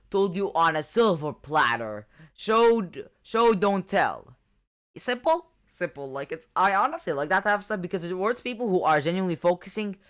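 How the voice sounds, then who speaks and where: A reaction video host talks in loose, casual commentary. Filler words and self-corrections are constant. The pitch swings lively throughout.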